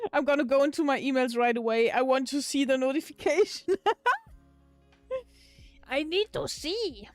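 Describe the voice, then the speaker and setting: A woman's voice: sits high, sing-song, slow, long pauses, a little mellow, dry recording, faint music behind. A woman livestreamer in casual chat with her viewers, giggling often and swearing casually.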